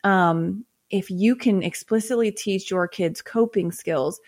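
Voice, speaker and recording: A woman's voice: medium pitch, slow, a little mellow, no room sound, studio quality. A woman hosting a podcast, talking in a casual, chatty way with many fillers. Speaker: podcast host. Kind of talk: casual chat.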